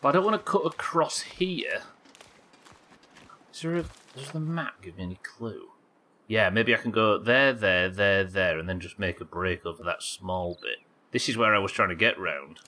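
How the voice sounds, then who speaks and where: A British man streams a game live, muttering to himself and swearing as he talks to his viewers. His voice sits low but has a bright, forceful edge. A faint hiss runs under it. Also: expressive, normal speed. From Britain. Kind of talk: live gaming commentary.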